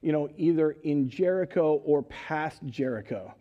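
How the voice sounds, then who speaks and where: A middle-aged man preaching a sermon in a church, telling the story with animated voices and questions to the congregation. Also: a little high, a little slow, muffled recording. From United States. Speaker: pastor. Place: church sanctuary.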